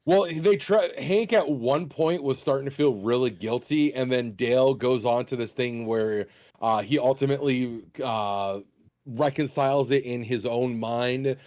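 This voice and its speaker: A man co-hosting a casual talk show, wry and relaxed, with the odd curse word. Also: mid-range voice, unhurried. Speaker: podcast co-host. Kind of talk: casual chat.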